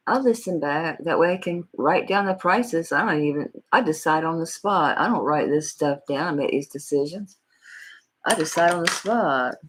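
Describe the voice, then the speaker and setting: Casting: middle-aged Southern woman, low husky voice, folksy live-stream jewelry seller. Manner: folksy, chatty, talks to viewers by name. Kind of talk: live-stream sales chat.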